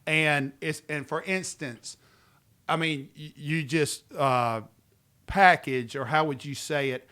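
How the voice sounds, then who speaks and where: A man talks shop on a podcast like he's ribbing a friend at the table. He's jokey and animated and keeps jumping in. His voice is bright and forceful. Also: on the high side. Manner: animated, jokey, interrupts often. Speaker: podcast co-host, attorney. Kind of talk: casual podcast chat.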